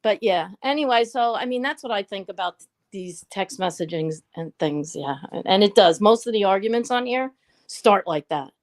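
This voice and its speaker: A woman's voice: mid-range voice, expressive, normal speed. A middle-aged woman chatting casually as co-host, laughing often and explaining her point with everyday examples. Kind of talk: casual chat.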